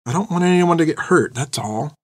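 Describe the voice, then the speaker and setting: A man voicing a quiet, earnest young man in an audiobook. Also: a little high, expressive, a little fast, no echo, clean studio sound, voice pushed up. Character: gentle careful young man.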